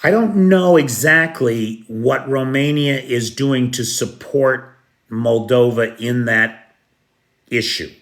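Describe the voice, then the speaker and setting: A man's voice: mid-range voice, takes it slowly, fairly bright tone. A man hosting a casual livestream, thanking viewers by name and answering their comments bluntly. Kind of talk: casual live-stream chat.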